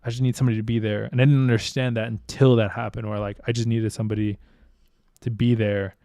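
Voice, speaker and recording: A man's voice: lowish voice, little pitch movement, fast, warm tone, no room sound. A man hosting a live podcast, talking candidly and reflectively in casual chat, swearing freely. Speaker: podcast host.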